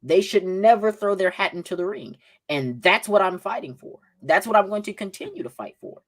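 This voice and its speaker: A man's voice: sits high, animated, a little fast. A man with a Southern accent hosting a political livestream podcast, combative and repeating "right?" again and again. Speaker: podcast host.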